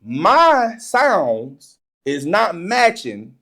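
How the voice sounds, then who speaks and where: An animated storyteller telling a funny childhood story, laughing often and acting out the excitement in casual, informal speech. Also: mid-range voice, extremely slow. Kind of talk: comedic personal storytelling.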